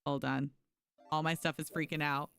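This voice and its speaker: A woman's voice: deep voice, flat delivery, normal speed, gravelly, a bit bright, smooth, faint music behind. A woman streaming a game live, chatting casually with viewers and thanking them by name. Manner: frequent restarts and fillers. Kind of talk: casual live gameplay commentary.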